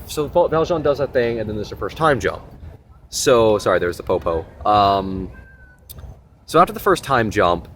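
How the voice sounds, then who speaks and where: A young man hosting a casual vlog, retelling a novel in a rambling, animated way with lots of fillers and asides. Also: medium pitch, a little hiss or hum. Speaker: host.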